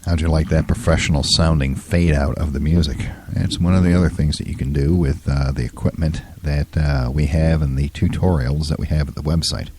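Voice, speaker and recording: A man in his fifties hosting a solo talk show, his throat scratchy and hoarse, talking in an opinionated, rambling way full of fillers. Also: extremely low pitch, steady tone, a little fast, few pauses, a little mellow. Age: 50s. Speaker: podcast host.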